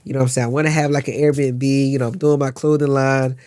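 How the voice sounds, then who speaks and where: A man's voice: mid-range voice, little pitch movement, fast talker, darkish tone. A man in his thirties, an actor being interviewed, chatting casually in easygoing slang and acting out lines in changing voices. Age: 30s. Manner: easygoing, laid-back slang; acts out lines in varied voices. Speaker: actor guest.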